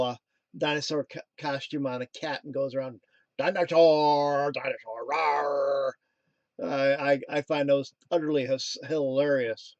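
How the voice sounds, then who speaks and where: A man's voice: mid-range voice, darkish tone, no room sound, lo-fi sound. A man hosting a casual motivational talk, drifting into playful jokey asides before coming back to his point. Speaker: motivational show host.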